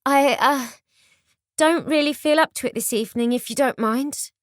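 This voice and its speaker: Storybook role: woman voicing a trembling young impostor heiress, high shaky voice, dry close sound. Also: moderate pace, no room sound, lightly acted. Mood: flustered. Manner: shaky, wobbly voice.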